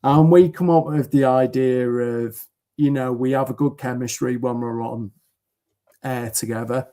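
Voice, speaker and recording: A British man appears as a podcast guest over a video call, chatting casually in an earnest, rambling way packed with fillers. His voice is medium in pitch, steady, mellow, and unhurried.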